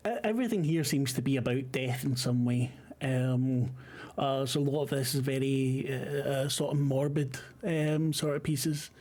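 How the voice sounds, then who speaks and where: A man running a horror tabletop game as game master, setting scenes in a halting, descriptive way. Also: medium pitch, steady tone, darkish tone. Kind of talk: narrating a horror tabletop game over a call.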